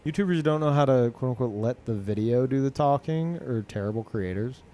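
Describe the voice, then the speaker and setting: Rambling male streamer with a lively pitch. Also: a little fast. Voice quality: self-described monotone. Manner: rambling, many fillers and restarts, frequent swearing. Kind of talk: casual live-stream chat.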